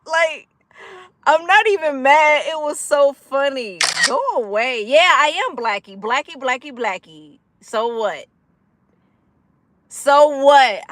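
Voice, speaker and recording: A woman hosting a casual livestream, energetic and giggly, laughing often while she chats with viewers and answers their comments. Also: high-pitched, a little slow, hardly any pauses. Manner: chatty, with frequent fillers like "like" and "y'all". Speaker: livestream host of a gambling recovery channel.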